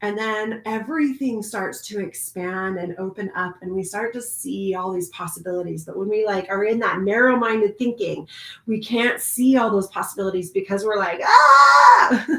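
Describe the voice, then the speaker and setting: A woman gives a casual spiritual oracle card reading, animated and laughing often as she swings from hushed calm to excited outbursts. Her voice is medium-pitched at normal speed, in an echoey room.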